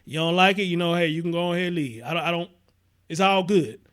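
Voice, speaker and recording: Passionate high-voiced man. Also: quick pace, fairly bright tone. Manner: passionate, profane, repetitive. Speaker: commentary show host. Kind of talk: live-stream commentary, reading viewer comments.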